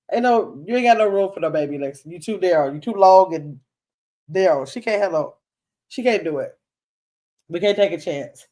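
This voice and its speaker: Chatty grandmother reading live comments. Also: mid-range voice. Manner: chatty, animated, Southern US dialect grammar. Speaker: livestream host reading viewer comments. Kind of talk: casual livestream chat.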